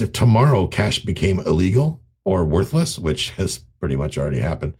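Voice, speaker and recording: A man teaching real estate investing in a casual, animated way, acting out conversations in raised voices. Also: on the low side, husky. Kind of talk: casual teaching talk to camera.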